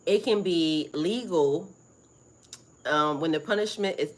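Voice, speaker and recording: A middle-aged woman, hosting a casual spiritual live stream in a rambling, excitable, profane way. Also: fairly low pitch, normal speed. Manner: rambling, excitable, profane, greets viewers by name.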